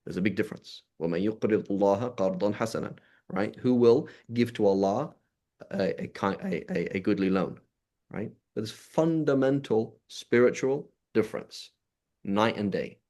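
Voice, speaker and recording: A man with a fairly low voice teaches an informal religious class. He speaks conversationally, repeating his points and checking in with his listeners after nearly every sentence. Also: fast talker, warm tone. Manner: conversational, repetitive, asks "right?" often. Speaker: Islamic teacher.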